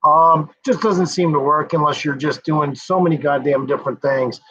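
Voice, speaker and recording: A man's voice: a little high, normal speed, fairly bright tone, slightly rough. A man hosting a casual livestream, rambling and cursing freely, often trailing off with fillers. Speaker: livestream host. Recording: dull lo-fi sound.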